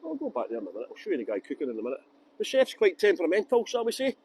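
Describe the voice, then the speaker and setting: A man's voice: high-pitched, huge pitch swings, racing, darkish tone, a little hiss or hum. Chatty Scottish man guiding a live tour. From Scotland. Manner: chatty and jokey, greets viewers by name, breaks into song. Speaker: live-stream tour guide. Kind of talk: casual walking tour commentary. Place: outdoors at a harbour ferry terminal.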